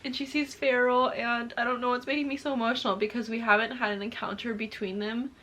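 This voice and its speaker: High-voiced gushing woman book vlogger. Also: flat delivery, fast talker, a bit bright. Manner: gushing and emotional, often laughing and tearing up; chatty, addresses viewers directly. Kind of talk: casual reading vlog, reacting to a book.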